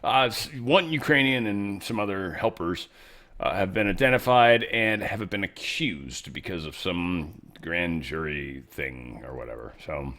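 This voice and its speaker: A man's voice: lowish voice, sharp tone. A man hosting casual political commentary, rambling and profane with sarcastic asides. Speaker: show host.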